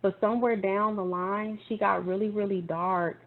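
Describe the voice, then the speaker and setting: A woman's voice: medium pitch, fairly even intonation, normal speed. Female guest commentator, earnest and conversational, tinny phone-line sound. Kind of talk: casual online commentary chat.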